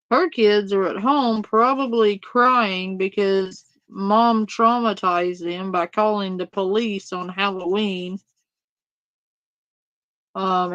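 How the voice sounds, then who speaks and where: A woman's voice: mid-range voice, fairly bright tone, no room sound, poor audio. A woman streamer giving casual reaction commentary to a clip, incredulous and swearing freely as she mimics what others said.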